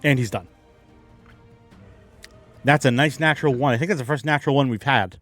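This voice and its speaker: A man narrating a tabletop game as game master, animated and quick to laugh. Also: mid-range voice, faint music behind.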